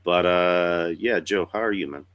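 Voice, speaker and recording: Deep-voiced sick young man hosting a podcast. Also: unhurried, a bit bright, smooth, muffled recording. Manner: loose, rambling, swears casually. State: sick with a cold, rough voice. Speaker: podcast host. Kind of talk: casual chat.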